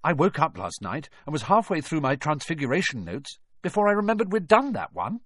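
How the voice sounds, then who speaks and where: An eager schoolgirl witch rattles off her words in a raised, lively voice, as a man reading a storybook puts her on. Her pitch swings up and down. The sound is close and dry. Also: a little fast, husky, no echo, full character voice.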